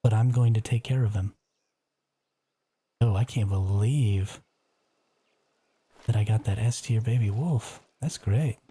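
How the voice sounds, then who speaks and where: A man's voice: medium pitch, a little fast, hardly any pauses, warm tone, husky. A man streaming a survival game live, chatting casually, reacting aloud and answering his viewers. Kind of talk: casual live gameplay commentary.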